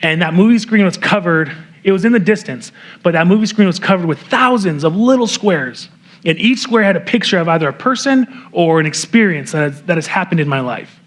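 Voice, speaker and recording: A pastor giving an earnest testimony in a sermon, telling a personal story with light laughs and frequent restarts. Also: male voice, sits high, lively intonation, a little fast. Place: church sanctuary.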